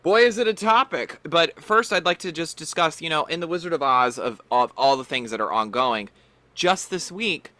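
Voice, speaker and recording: Male podcast host, playful pop-culture chatter, lively bright voice. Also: fairly high pitch, normal speed, no echo. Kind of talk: casual pop-culture chat.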